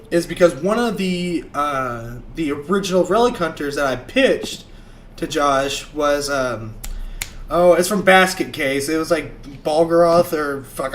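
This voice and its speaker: A man's voice: fairly high pitch, lively intonation, unhurried, a bit bright, slight background noise. A man chatting on an online call, rambling and swearing freely as he explains things. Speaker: player on a show. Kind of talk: casual banter on an online call. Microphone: online call mic.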